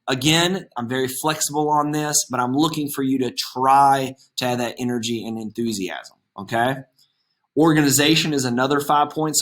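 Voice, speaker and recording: A man's voice: mid-range voice, fairly bright tone. A young adult male teacher explaining an assignment to students on a video call, casual, often checking in with "okay?". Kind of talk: online class instruction. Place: home setup on video call.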